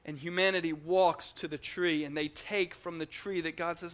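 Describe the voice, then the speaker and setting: A man preaching a teaching sermon in an emphatic, animated way, often repeating words as he goes. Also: on the high side, normal speed, few pauses, clear, resonant tone.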